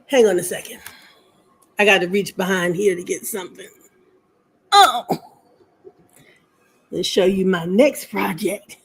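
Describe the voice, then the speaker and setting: A woman's voice: mid-range voice, fairly even intonation, moderate pace. An older woman hosting a live crafting stream, chatting in a rambling, homey way with viewers and her pet.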